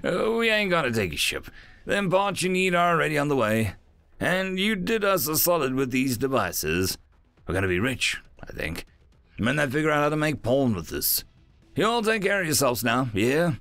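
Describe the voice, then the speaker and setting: A man's voice: on the high side, very animated, normal speed, fairly bright tone, no room sound, soft background music, pitched above the performer's own voice. A man voicing a brash, joking male space miner who talks in folksy rural slang.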